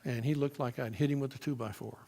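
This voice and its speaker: A man from Florida telling his personal testimony in church, in an animated, emphatic storytelling manner. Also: medium pitch, fast, creaky, a little hiss or hum.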